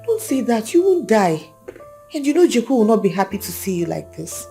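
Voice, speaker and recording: A woman's voice: medium pitch, very animated, quick pace, vocal fry, warm tone, soft background music. A young woman with a Nigerian accent playing a widow who comforts and pleads with her mother-in-law in a film drama. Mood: pleading. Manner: soothing, pleading.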